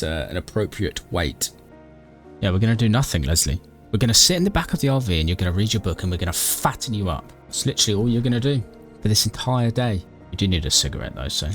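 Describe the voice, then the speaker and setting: Lowish male gaming narrator, deadpan and mock-dramatic, over soft music. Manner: dry, mock-dramatic, talks to his character. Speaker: gaming YouTuber narrating a playthrough. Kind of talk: comedic game commentary and narration.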